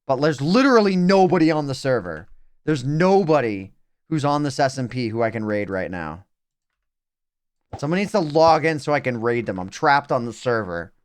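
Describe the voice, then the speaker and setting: A young man talking over his live game stream, his pitch swinging widely as he rambles from one thought to the next. His voice is smooth and clear, and he keeps slipping in wry, self-mocking asides. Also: expressive, normal speed.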